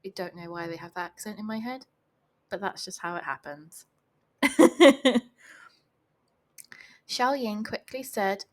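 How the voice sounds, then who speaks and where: A woman's voice: medium pitch, expressive, slow, long pauses. A young woman reading a novel aloud at home, breaking off with chatty, giggly comments. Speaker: reader of a novel. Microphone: home voice recording.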